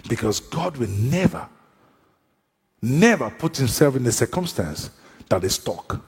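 A pastor preaching in a raspy, gravelly voice, his pitch leaping high and dropping low. He bursts into shouts, then slows to drawn-out phrases. The sound carries the long echo of a large hall. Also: big pitch swings. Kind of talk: sermon. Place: church service with a seated congregation.

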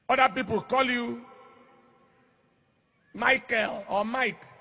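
A man preaching a sermon emphatically, shouting and lilting on key phrases. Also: very high voice, steady tone, takes it slowly. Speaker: pastor.

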